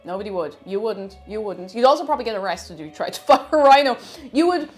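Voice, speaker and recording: Irish woman streamer, chatty and animated, high-ish voice, faint music under. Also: fast. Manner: chatty, reads out chat, lots of restarts. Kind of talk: casual live-stream chat.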